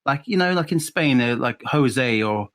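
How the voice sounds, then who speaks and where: An English man co-hosting a podcast in a relaxed chat. His pitch swings up and down a lot, and he stops and restarts his sentences, slipping laughs in between phrases. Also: moderate pace. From England. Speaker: podcast co-host. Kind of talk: casual chat.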